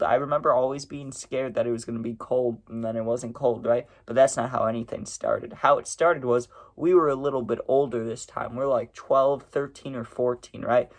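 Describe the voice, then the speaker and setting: A young man tells a personal story in a loose, rambling way, leaning on "you know" and "right" between thoughts. His voice has a gravelly edge and sits at an ordinary pitch. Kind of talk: casual storytelling.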